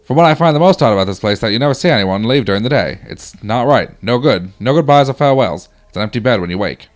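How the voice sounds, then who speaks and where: A man's voice: mid-range voice, animated, quick pace, lightly acted. A man reading a wounded soldier's letters aloud in an old-timey, put-on British voice. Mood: somber. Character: wounded young male WWI soldier writing letters.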